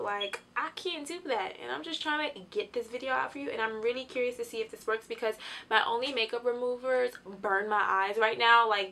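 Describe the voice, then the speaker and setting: Chatty young woman with a bright voice. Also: medium pitch. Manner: chatty, excitable, lots of fillers. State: tired. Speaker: beauty vlogger. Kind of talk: casual product review. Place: sitting on the floor at home.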